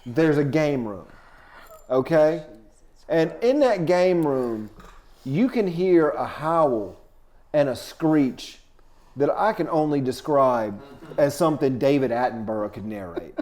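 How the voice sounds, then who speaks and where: Male stand-up comic, guest storyteller; slightly high voice, animated and profane, big swings from mutter to outburst. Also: takes it slowly. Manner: animated, profane, swings between low asides and loud outbursts. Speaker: touring comedian guest. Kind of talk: comedic storytelling on a podcast.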